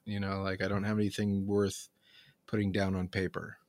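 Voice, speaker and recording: A man in casual conversation, talking in a halting, reflective way with many fillers and restarts. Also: low voice, completely flat delivery, a little mellow, dry recording. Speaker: conversation partner.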